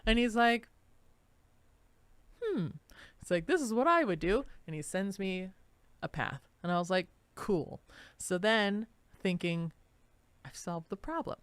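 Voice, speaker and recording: A woman's voice: lowish voice, takes it slowly, pauses often, smooth, dry recording. A woman co-hosting a live talk show, telling a story in casual chat, acting out quotes and laughing often. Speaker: co-host.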